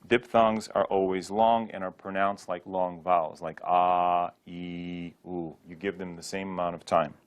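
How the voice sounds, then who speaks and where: A man teaching a Sanskrit pronunciation lesson, drilling each word slowly and repeating it for listeners to copy, with light joking asides. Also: deep voice. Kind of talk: slow spoken pronunciation lesson.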